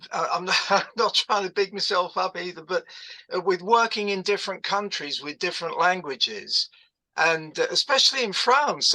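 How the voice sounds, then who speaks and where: A man from Essex, an actor, telling stories in a reflective, animated way during a casual video call chat. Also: sits high, rough recording. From Essex, England. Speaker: actor in discussion group.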